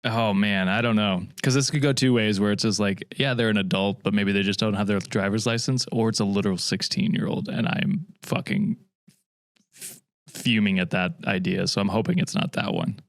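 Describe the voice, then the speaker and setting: A man's voice: lowish voice, moderate pace, no echo, studio quality. A man co-hosting a live podcast, talking in an easygoing, sweary way. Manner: easygoing, sweary, laughs often. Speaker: podcast co-host. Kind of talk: casual podcast chat.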